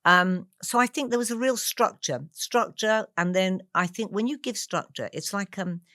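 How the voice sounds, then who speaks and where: A woman in her sixties from England, a guest talking over memories, with an animated storytelling manner and frequent laughs. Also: medium pitch, moderate pace, no room sound, studio quality. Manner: warm storyteller, laughs often, animated asides. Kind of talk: reflective conversation.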